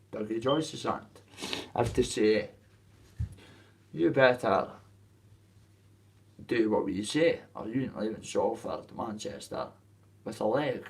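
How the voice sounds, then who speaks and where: The speaker, a Dundee, Scotland boxer with a lowish voice, recorded far from the mic, tells his story in a rough, meandering rant to camera. He swears plenty, his local Scottish accent strong throughout.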